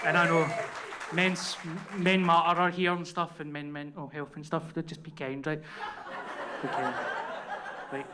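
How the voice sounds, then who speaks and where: Sweary Glaswegian comedian, high voice. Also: male voice, level tone, a little slow, pauses often. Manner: sweary, self-deprecating, checks in with "right?". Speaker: comedian guest. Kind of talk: live stand-up storytelling. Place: comedy venue. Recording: live room with loud crowd and noise.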